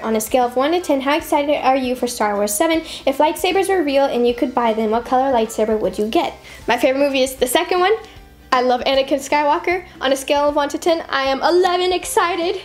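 A woman's voice: sits high, fast, faint music behind. A young woman in casual chat, reading fan questions aloud and answering them with lots of giggling.

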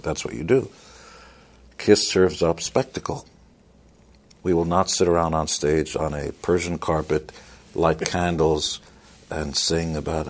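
A man's voice: a bass voice, darkish tone. A man giving motivational success advice in a blunt, wisecracking, emphatic way. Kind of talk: motivational talk.

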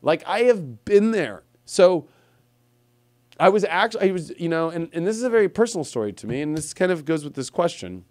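Animated rambling man astrologer. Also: a little high, a little fast. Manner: animated, rambling, full of fillers like "you know" and "okay". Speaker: astrologer host. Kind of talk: livestream talk.

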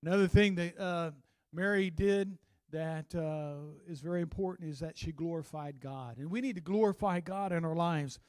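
A man preaches to his church in a folksy, animated way, breaking into stories and asides. His voice sits high for a man. The sound is dry and close, with little room echo. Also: normal speed. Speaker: pastor. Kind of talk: sermon.

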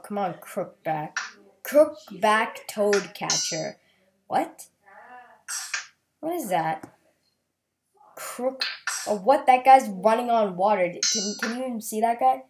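Slow-talking excitable woman gaming host. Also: medium pitch. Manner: excitable, exclaiming, chatty and playful. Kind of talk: let's play gameplay commentary.

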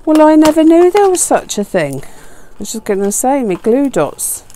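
A woman's voice: high voice, sing-song, moderate pace, warm tone, a little hiss or hum. A woman chatting casually as she unboxes craft supplies, gushing and exclaiming over each item with chatty asides, on a desk mic close to her chin. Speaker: papercraft vlogger.

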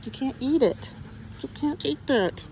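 A woman's voice: sits high, lively intonation, a little slow, a little mellow, a little hiss or hum. Woman cooing baby talk at puppies. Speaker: dog foster carer. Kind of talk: casual talk to puppies and dogs. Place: outdoor yard.

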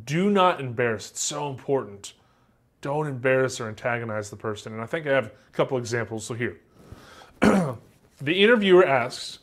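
A man's voice: medium pitch, animated, moderate pace, fairly bright tone. A man teaching a class in a casual, joking way, acting out example answers with a light Southern American accent. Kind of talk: classroom lecture.

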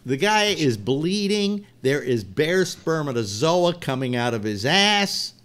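A man hosting a talk show, telling a long joke to his panel as an animated, laughing storyteller. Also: fairly high pitch, slow pace. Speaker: radio show host.

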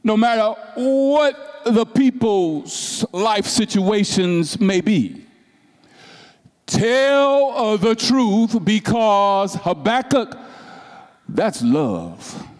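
The preacher's voice sits high with lively intonation and a long reverb tail as he delivers a slow, emphatic sermon. Repeated rhetorical questions alternate with sections that soften to a hush.

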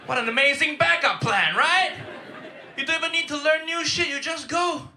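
A man's voice: extremely high pitch, moderate pace. A man doing a crude, teasing stand-up routine to a live comedy club audience. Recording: loud crowd and noise on a live recording.

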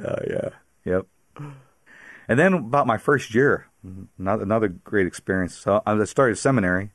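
Deep-voiced man laughing through his story. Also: sing-song, normal speed, pauses often, dry recording, studio quality. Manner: chatty storyteller, laughs often. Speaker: priest, interview guest. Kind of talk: personal faith story on a radio interview.

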